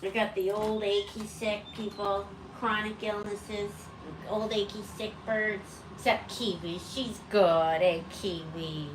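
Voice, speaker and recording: A woman's voice: fairly even intonation, slow pace, hardly any pauses, background noise. A woman who hosts a pet bird channel, chatting casually at home and cooing at her birds. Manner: chatty, rambling, coos at her birds in a high sing-song voice. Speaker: parrot owner and channel host. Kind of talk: casual home vlog chat.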